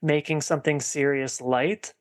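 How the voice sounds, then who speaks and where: A man's voice: a little high, fairly even intonation, moderate pace. A man co-hosting a podcast, chatting casually about a film in a rambling way, full of fillers and restarts. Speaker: podcast co-host.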